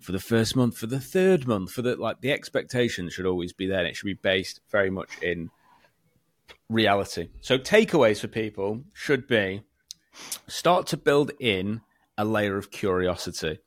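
A man co-hosting a podcast, explaining points in a measured, casual way. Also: lowish voice, expressive, dry recording, studio quality. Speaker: podcast co-host. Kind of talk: casual sales podcast chat.

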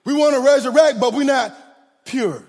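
A man preaching a sermon, swinging from loud shouted points to hushed asides. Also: very high-pitched, moderate pace. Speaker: pastor. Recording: long hall reverb.

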